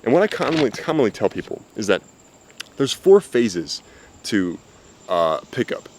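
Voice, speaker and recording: Blunt low-voiced man coaching outdoors. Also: sing-song, normal speed, darkish tone. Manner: blunt, profane, emphatic. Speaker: dating coach. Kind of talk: casual advice talk to camera. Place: outdoors with cicadas. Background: faint cicadas.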